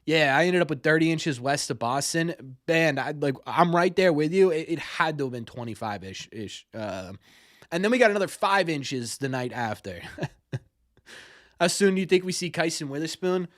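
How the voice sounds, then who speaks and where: A young man hosts a casual sports live stream with a fairly high, animated, fairly bright voice at normal speed. The sports podcast host rambles through viewers' questions, often stumbling and repeating words, recorded in studio quality with no room sound.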